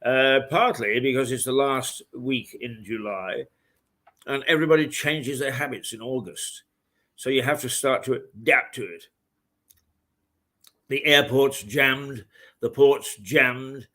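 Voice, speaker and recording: A man hosting a morning talk show from a hotel, rambling and halting with many fillers. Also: mid-range voice, bright, forceful tone. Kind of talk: casual chat. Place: hotel room.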